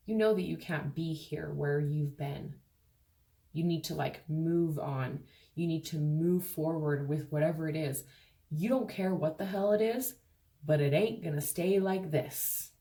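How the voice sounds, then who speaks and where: A woman's voice: deep voice, mellow. A woman giving a casual tarot reading, talking frankly and chattily, swearing freely and acting out quoted voices. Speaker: tarot reader.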